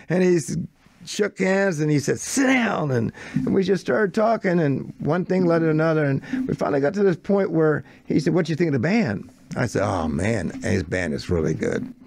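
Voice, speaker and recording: An older American man with a gravelly, creaky voice tells a rambling story and quotes the people in it. His sound is close and dry, with no room around it. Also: fairly high pitch, no echo. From United States. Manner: animated anecdote, quoting others in shifting voices. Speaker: songwriter guest. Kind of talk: casual storytelling.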